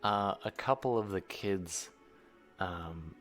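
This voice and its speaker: A man narrating as game master of a tabletop game, relaxed and halting. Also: deep voice, soft background music.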